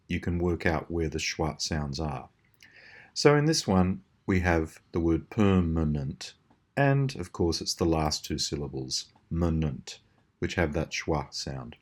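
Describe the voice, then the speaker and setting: An Australian man explaining a language puzzle solution, slowly drawing out example words. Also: sits low, big pitch swings. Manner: precise, drawn-out demonstration of words. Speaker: language teacher.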